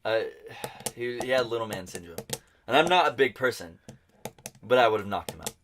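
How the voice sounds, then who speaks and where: A man with a mid-range voice, talking fairly quickly over a little hiss or hum, co-hosts a podcast and shares a bar fight story in casual conversation. Originally from New Mexico, US, he's animated, swears, and acts out the quotes.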